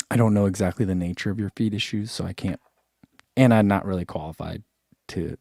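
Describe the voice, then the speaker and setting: A man's voice: on the low side, dark tone, no room sound. Dry-sounding man chatting through an unboxing. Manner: rambling, thinks aloud with many fillers. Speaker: running shoe reviewer. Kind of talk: casual unboxing chat.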